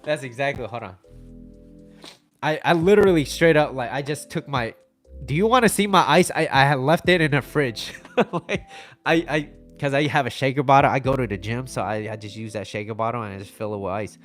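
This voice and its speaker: A man's voice: mid-range voice, fairly quick, faint music behind. A young man from the United States chatting casually on his livestream, rambling through stories and reading out viewer comments. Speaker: livestream host.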